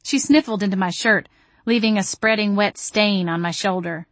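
A woman's voice: medium pitch, normal speed, no echo. A woman narrating a novel in first person with a dry, wry delivery. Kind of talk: audiobook narration.

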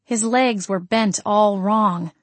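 A woman reads a first-person audiobook in a steady, expressive storytelling voice. Her pitch sits in the middle range. The recording is dry and close, with no room sound. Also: slow, dry recording. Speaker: audiobook narrator.

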